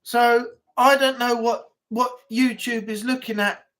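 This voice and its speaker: On a casual livestream, a host with a broad northern English accent talks to viewers in a mid-range, fairly bright voice that is steady and a little slow. The chat rambles, repeating words and leaning on many fillers.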